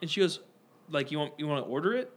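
Man, podcast co-host, casual rambling chat, animated storytelling, fairly high voice. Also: quick pace.

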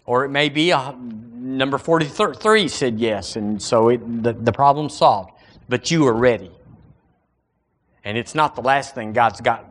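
A man's voice: mid-range voice, measured pace. A male pastor with a Southern American accent preaching a sermon, reading scripture in a lifted, dramatic voice between folksy, conversational asides. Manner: reads scripture aloud in a lifted, dramatic voice between plain remarks.

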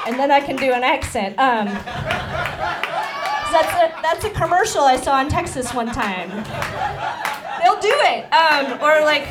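A woman's voice: sits high, expressive, slow pace, pauses often, over a noisy crowd, very noisy. A young woman performing a rambling, self-deprecating stand-up set with lots of ums and giggles. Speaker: stand-up comedian. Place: club stage with audience.

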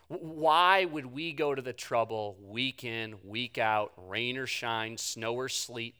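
A man preaching a sermon, telling the story with animation and swinging from loud bursts to hushed words. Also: mid-range voice, clean tone. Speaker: pastor.

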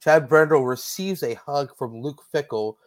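A man's voice: on the high side, a little slow. A man hosting a casual sports podcast, talking in a rambling way with many restarts. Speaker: podcast host.

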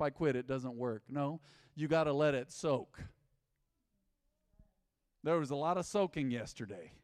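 A man's voice: on the high side, no echo, clean studio sound, big-room sound. A man preaching a sermon as pastor, emphatic, calling on the congregation to respond. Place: church sanctuary.

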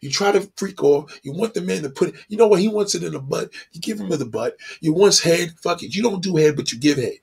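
Man commentator, ranting and emphatic, husky and animated. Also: a little high, brisk, few pauses. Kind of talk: heated opinion monologue.

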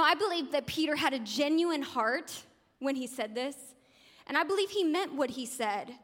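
High-voiced woman preaching in a reverberant hall. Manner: conversational, laughs at her own jokes. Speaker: pastor. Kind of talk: sermon.

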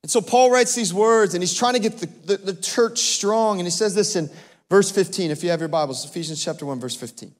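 A male pastor with a high-sitting, brisk voice preaches a sermon in a church sanctuary, calling on the congregation for responses and repeating points emphatically. Long church-hall reverb fills the recording.

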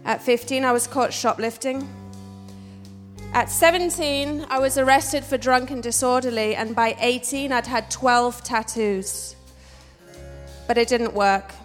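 High-voiced English woman telling a story. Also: fairly even intonation, measured pace, soft background music. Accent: working-class English. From England. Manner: wry, self-mocking. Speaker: storyteller, actress. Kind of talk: live comic storytelling. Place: theater stage. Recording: live stage with hall reverb.

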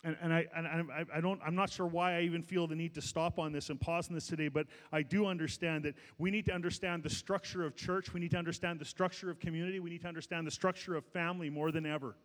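A middle-aged male pastor preaching a sermon, swinging between loud peaks and quiet asides, with many restarts. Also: on the high side, steady tone, fast talker, hardly any pauses. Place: large church sanctuary. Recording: long hall reverb.

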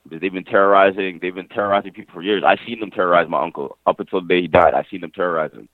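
A young man from Montreal speaks in casual, emphatic slang, repeating phrases for weight and swearing now and then. His voice sits a bit low. It comes through a thin, phone-like line with no room sound. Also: fairly even intonation, very fast, dry recording. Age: young adult. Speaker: interviewee, nephew of the deceased. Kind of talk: casual, heartfelt storytelling.

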